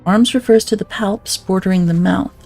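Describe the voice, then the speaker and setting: A woman's voice: medium pitch, moderate pace, creaky, a little mellow, soft background music. A woman streamer reading documents aloud in a casual way, breaking off for laughing, swearing asides.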